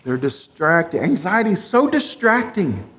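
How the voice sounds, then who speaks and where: A man's voice: high-pitched, very animated, moderate pace, a bit bright. A man preaching a sermon as pastor, speaking earnestly and directly to his congregation in a church sanctuary.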